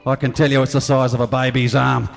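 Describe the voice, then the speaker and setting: A man's voice: medium pitch, level tone, fast, vocal fry, lightly acted. A man doing a stage impression of a crude, half-drunk middle-aged Australian bloke who brags and croons a song, with a leering, blokey manner. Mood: boastful, leering. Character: crude boozy middle-aged Aussie bloke, bragging lounge singer. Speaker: comedy impressionist. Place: live stage venue. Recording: echoey hall with band music.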